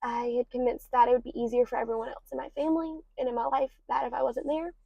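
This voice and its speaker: Her voice high and fairly flat in pitch, with vocal fry, a young adult podcast host talks quickly and candidly about her personal life, rambling with plenty of ums and likes. There's no room sound, and the lo-fi recording is slightly dull.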